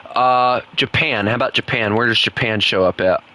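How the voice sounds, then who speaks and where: A Southern US man streaming a game talks casually to his viewers, rambling, thinking aloud, using fillers and addressing chat directly. His voice is mid-range, at a normal speed, with a sharp tone. It's casual live commentary.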